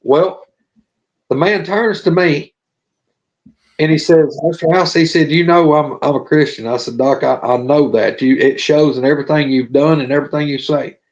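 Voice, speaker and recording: A man's voice: a little high, steady tone, normal speed. A man telling a long personal story in a folksy, earnest way on a casual live show. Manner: folksy, earnest, drawling testimony. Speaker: podcast guest telling his story. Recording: dull lo-fi audio.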